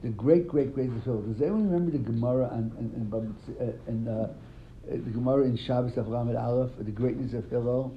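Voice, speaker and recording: A man's voice: mid-range voice, quick pace, slight background noise. A man teaching a Talmud class, quizzing his students and retelling stories animatedly, often repeating words. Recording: dull lo-fi sound, faint room ambience.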